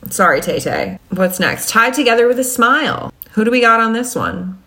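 Young female podcast co-host, animated, sarcastic, laughs a lot, casual chat. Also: on the high side, moderate pace. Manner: laughing, sarcastic, reads lyrics aloud mockingly.

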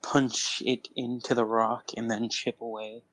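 Male player, mid-pitched, slow and deliberate when declaring actions. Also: little pitch movement, crowd noise. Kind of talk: tabletop game play.

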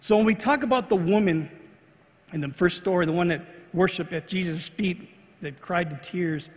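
A man's voice: high-pitched, in a large hall. A man preaching a sermon as pastor, earnest, with repeated phrases and restarts. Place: church.

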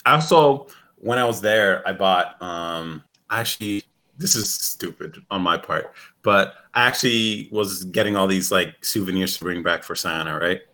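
A man from the United States chatting casually as a co-host, rambling and animated, swearing freely and laughing often. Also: deep voice, normal speed. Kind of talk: casual chat.

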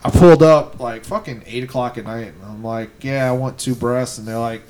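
A man's voice: medium pitch, a little fast, a little mellow, a little hiss or hum. A man ranting in a casual podcast chat, emphatic and profane.

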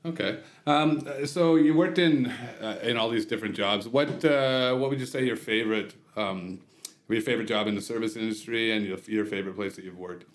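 Hesitant low-voiced male host. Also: brisk. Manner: hesitant, many fillers. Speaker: podcast host, restaurant owner. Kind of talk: casual interview chat. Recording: roomy with faint noise.

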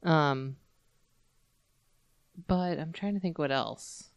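A young woman with a notably low, smooth voice chats easily on a podcast, dropping in steady "yeah"s of agreement. The sound is dry and close to the mic. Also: slow, no room sound, muffled recording. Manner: relaxed, frequent "yeah" backchannels. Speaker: podcast co-host. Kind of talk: casual chat.

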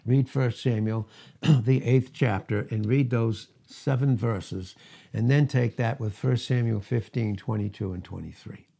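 Pastor guy preaching, gravelly voice, pushes hard then drops quiet. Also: medium pitch, measured pace. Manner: emphatic preaching with rising and falling intensity. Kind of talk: sermon.

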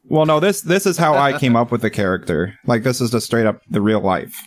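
Laid-back guy on a podcast, chatty, laughs a lot, mid-pitched voice. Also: fairly quick. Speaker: podcast guest, comedy musician. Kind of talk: casual podcast chat.

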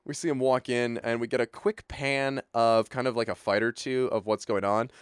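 A young man chatting casually as a podcast co-host, animated and full of filler words, acting out bits of dialogue. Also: mid-range voice, moderate pace, clean tone, no room sound, studio quality. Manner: animated, lots of filler words, acts out lines. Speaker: podcast co-host recapping a movie. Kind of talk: casual chat.

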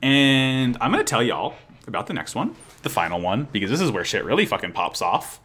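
A man casually recapping a show episode with a podcast co-host, excited and swearing freely. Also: medium pitch, breathy edge. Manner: excited, swears a lot, quick restarts.

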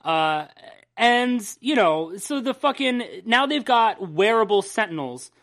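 A host in a casual chat, retelling at length in a rambling, profane, animated way. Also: mid-range voice, measured pace. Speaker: podcast host.

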